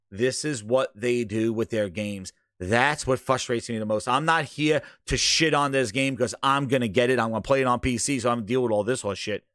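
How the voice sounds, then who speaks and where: A man's voice: medium pitch, fairly bright tone, no echo, clean studio sound. A man hosting a gaming channel, ranting in exasperated, sarcastic commentary over a video clip.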